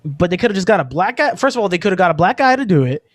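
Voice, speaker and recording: A young man talks in a loose, rambling way, swearing and laughing as he goes. His voice sits high and swings widely in pitch. The sound is dry and close, with no room echo. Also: very animated, rapid-fire. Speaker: podcast co-host. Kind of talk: casual chat.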